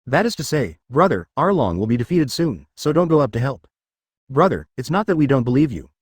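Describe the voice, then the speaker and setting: A man voicing a serious village guard chief in a steady read-aloud manner. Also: mid-range voice, brisk, husky, no room sound, clean studio sound. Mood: earnest.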